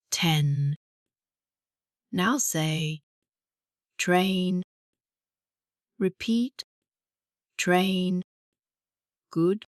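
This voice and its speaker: A woman teaches an English speaking lesson at a very slow, deliberate pace, with a slightly low voice. She sounds encouraging and leaves pauses for repetition, recorded as a close, dry voice-over. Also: no echo.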